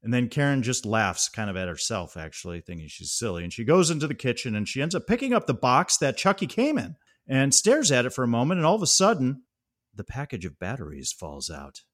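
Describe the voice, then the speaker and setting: A man co-hosting a casual podcast, telling a movie scene with lively animation. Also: mid-range voice, a little fast. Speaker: podcast co-host.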